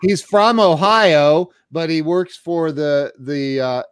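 A fairly high-voiced man hosts a casual interview, cracking jokes and greeting his viewers by name. His voice sounds dry and close to the mic. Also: slow pace, clear, resonant tone, no echo. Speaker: podcast host. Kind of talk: casual live-stream interview.

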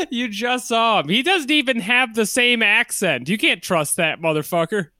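Wry, joking co-host with a bright, lively voice on a dry, close mic. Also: medium pitch, unhurried, dry recording. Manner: wry, laughing, joking asides. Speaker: podcast co-host. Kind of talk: casual chat.

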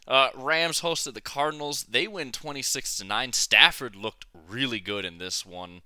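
A man's voice: medium pitch, unhurried, bright, forceful tone, clear, resonant tone, no echo. A man co-hosting a casual sports podcast, blunt and a little profane, his sentences full of fillers and restarts. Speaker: podcast co-host.

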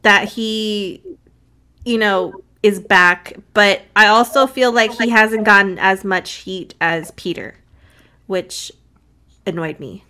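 A woman's voice: medium pitch, slow, bright, forceful tone. A woman on a podcast, chatting in an opinionated way. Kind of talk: casual chat.

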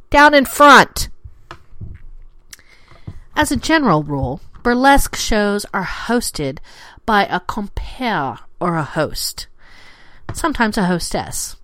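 A woman's voice: lowish voice, no echo. A woman hosting her own adult-themed podcast, talking in a playful, theatrical way and dropping to a whisper for emphasis. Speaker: podcast host. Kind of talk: scripted solo show talk.

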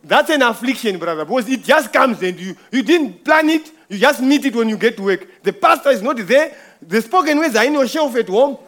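A middle-aged man preaches a sermon built around a personal story, repeating words and swinging between loud bursts and hushed asides. His voice is extremely high-pitched and animated, fairly quick with few pauses.

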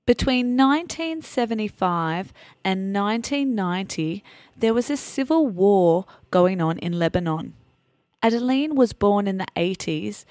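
Aussie woman hosting a learner podcast, slow careful explaining, dry close mic. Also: mid-range voice, a little mellow, no room sound. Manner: slow, clear teacherly explaining. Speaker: podcast host.

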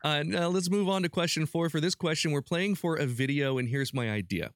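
A man hosts a podcast quiz in a playful way, reading each question slowly and clearly. His voice sounds dry and close to the mic, with no room sound around it. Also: a little high, no room sound. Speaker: podcast host running a quiz. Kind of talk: casual podcast chat.

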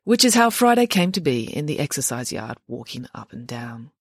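An audiobook narrator, reading a story in an expressive, wry way. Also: mid-range voice, normal speed, breathy edge, dry recording, studio quality.

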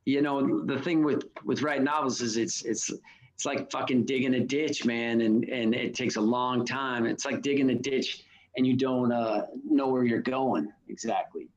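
A middle-aged man speaks as an interview guest in a voice of ordinary, mid-range pitch. He rambles loosely and frankly, swearing now and then and restarting his sentences as he thinks. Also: moderate pace, rough recording. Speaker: novelist and songwriter guest. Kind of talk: casual interview talk.

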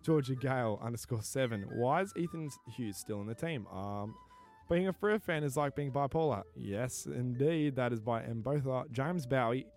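A man's voice: medium pitch, lively intonation, normal speed, darkish tone, soft background music. Young guy reading fan comments. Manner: laughs often, reads out names and comments. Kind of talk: casual chat.

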